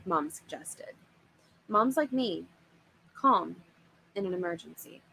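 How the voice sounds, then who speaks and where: A woman reads a children's horror story aloud, taking her time over each phrase. Her voice is bright and lively, rising and falling with the scares. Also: fairly low pitch, slow, vocal fry, long pauses, slight background noise, low-quality recording. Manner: expressive, animated reading.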